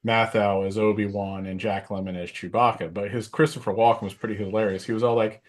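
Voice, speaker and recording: A man's voice: fairly low pitch, flat delivery, brisk. A middle-aged man co-hosting a casual chat, rambling with lots of fillers while he tells a story. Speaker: podcast co-host.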